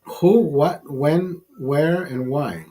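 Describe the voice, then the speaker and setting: Husky, slow-talking man rambling over beers. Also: on the high side, dark tone. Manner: rambling, swearing, laughing at his own jokes. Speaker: live stream host. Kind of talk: casual chat over beers.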